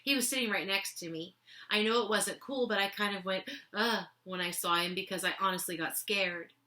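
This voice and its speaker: A woman's voice: medium pitch, brisk, pushed and bright. A woman reading a children's novel aloud to listeners, with casual, chatty asides between passages.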